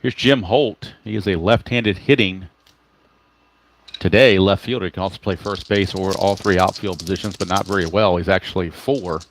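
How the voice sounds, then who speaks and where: Low-voiced man calling dice-rolled baseball. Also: normal speed. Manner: relaxed, explains dice rolls and player cards as he plays; greets live chat viewers mid-game. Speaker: tabletop baseball game host. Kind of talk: livestreamed play-by-play of a dice baseball game.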